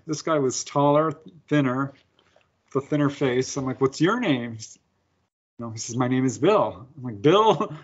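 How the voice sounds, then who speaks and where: A man's voice: mid-range voice, muffled recording. A man, a guest author, telling stories in a casual interview, laughing often and acting out his own lines.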